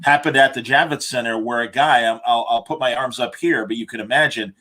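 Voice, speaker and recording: A man's voice: medium pitch, fairly quick, pushed and bright. A man hosting a casual chat, telling stories eagerly with frequent restarts. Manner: enthusiastic storyteller, hesitant restarts. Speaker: podcast host.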